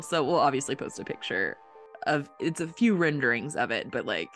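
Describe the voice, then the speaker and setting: A woman's voice: a bass voice, big pitch swings, moderate pace, fairly bright tone, soft background music. A woman co-hosting a casual podcast, playful and giggly as she talks. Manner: playful, giggly, swooping intonation. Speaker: podcast co-host.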